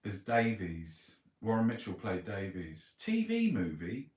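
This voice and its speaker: With a low-ish, darkish voice and huge swings in pitch, a middle-aged man with a Cockney accent speaks a little slowly. He rambles through a newspaper review in a casual monologue, grumbling and swearing to himself. A distant mic captures a roomy space and background noise.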